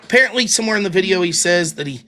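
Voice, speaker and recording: Male commentary host, profane and incredulous, wide-swinging pitch, bright edge. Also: lively intonation, very fast. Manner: exasperated, incredulous, swearing.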